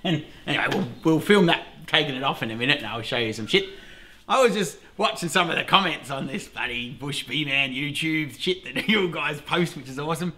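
A man's voice: a little high, lively intonation, brisk, bright, forceful tone, a little hiss or hum. A middle-aged Australian man hosting a casual beekeeping vlog, rambling along, swearing freely and laughing often. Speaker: beekeeper host.

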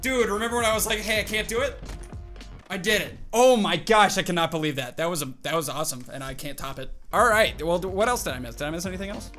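A man hosting a gaming video, giving excitable live commentary full of exclamations as he plays. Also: sits high, fast talker, hardly any pauses, faint music behind. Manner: excitable, exclaiming and self-hyping. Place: at a home computer desk.

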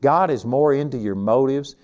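A man's voice: mid-range voice, normal speed, a little mellow. Folksy Texan preacher, older man. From Texas. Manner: folksy, conversational, emphatic. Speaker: Bible teacher. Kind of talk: teaching sermon.

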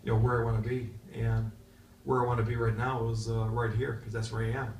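Man as rambling golfer, gravelly, bright, distant, roomy. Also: mid-range voice, flat delivery, fairly quick, voice pushed down, close to an everyday voice. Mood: vacant. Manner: circular, empty, filler-heavy answers. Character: rambling, vacant American golf star interviewee. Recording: echoey hall from far off, faint noise.

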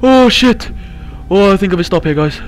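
Panicky high-voiced young man screaming. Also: lively intonation, normal speed, faint music behind. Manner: panicky, swears and screams often. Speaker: gaming YouTuber. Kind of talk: horror game playthrough commentary.

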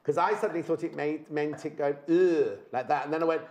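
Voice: medium pitch, level tone, fast talker, a little mellow, slight background noise. A presenter hosting a sewing show in a TV studio, chatty, rambling and full of jokey asides. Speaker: TV shopping presenter.

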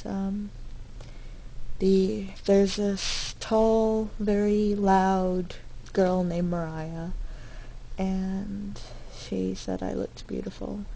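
Young woman, dorm-room video diary: slow, rambling and candid, dark gravelly tone. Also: mid-range voice, a little hiss or hum, poor audio. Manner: rambling and candid, with frequent fillers and self-corrections. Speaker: vlogger.

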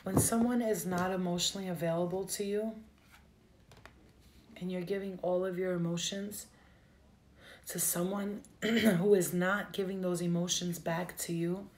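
A woman's voice: fairly low pitch, steady tone, measured pace, pauses often, darkish tone. Emotional woman giving a tarot reading. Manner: emotional, direct, talks straight to viewers. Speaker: tarot reader.

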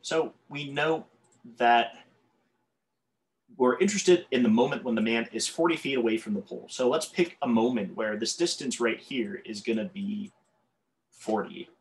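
Here a medium-pitched man speaks at a moderate pace, giving a whiteboard math lesson on calculus. He frequently fumbles his words, then corrects them with apologetic asides.

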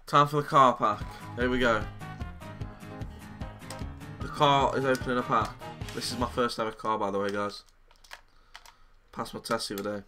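A man giving goofy, jokey commentary while opening game packs, swinging from mock despair to excited shouts. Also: mid-range voice, normal speed, long pauses, over music. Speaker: gaming YouTuber.

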